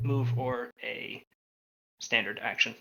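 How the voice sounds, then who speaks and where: A man running a tabletop game as game master, narrating in an unhurried, halting way with fillers. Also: mid-range voice, steady tone, gravelly, bright, forceful tone, dull audio.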